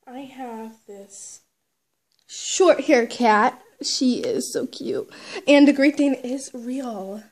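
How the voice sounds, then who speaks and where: A woman chatting excitedly while unboxing a toy haul, gushing and squealing, then dropping to hushed whispers. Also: high voice, drawn-out words. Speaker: toy collector vlogger.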